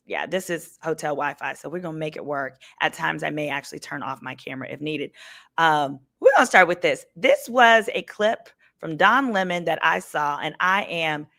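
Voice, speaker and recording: A woman attorney hosts a casual legal commentary stream from a hotel room. She chats easily with her viewers and calls them y'all. Her voice sits slightly low for a woman. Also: vocal fry, fairly bright tone. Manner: chatty, addresses viewers as y'all. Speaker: attorney and show host.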